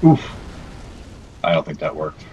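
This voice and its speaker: Low-voiced male let's player, profane and self-critical, chatting to in-game characters. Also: very animated, a little slow, darkish tone, lo-fi sound, a little hiss or hum. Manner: swearing, self-scolding and talking to the game's characters. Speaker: gameplay commentator. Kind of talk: let's play commentary.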